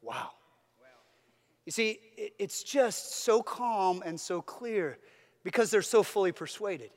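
A man's voice: high-pitched, expressive, slow, in a large hall. A man preaching a sermon as a pastor, earnest, with a repetitive, building cadence.

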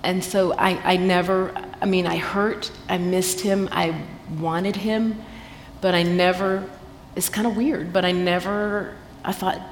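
A woman's voice: fairly low pitch, fairly even intonation, unhurried, hardly any pauses. A woman with a Southern American accent, sharing a heartfelt personal testimony at a church women's event, quoting scripture and laughing easily. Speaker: guest sharing her testimony. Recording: reverberant hall, faint background noise.

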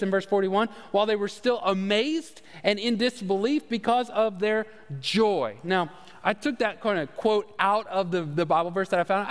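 Guy preaching casual style, kinda high voice, big echoey hall. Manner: conversational, with fillers and repeated words. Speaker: pastor. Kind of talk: sermon. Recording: long hall reverb.

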